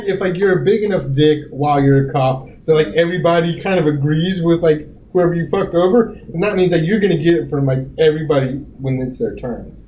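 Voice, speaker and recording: A man's voice: on the high side, a little fast, few pauses, dark tone, a little hiss or hum, poor audio. A man co-hosting a podcast in casual chat, joking and laughing as he riffs on absurd ideas. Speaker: podcast co-host.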